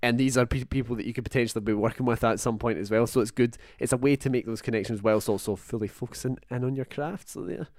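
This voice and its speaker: A man's voice: medium pitch, fast, hardly any pauses, dry recording. A young man with a Scottish accent chats casually, rambling through long thoughts and correcting himself as he goes. His voice sits mid-range and is recorded close and dry. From Scotland. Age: young adult. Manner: rambling, self-interrupting, animated asides. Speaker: podcast co-host. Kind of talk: casual chat.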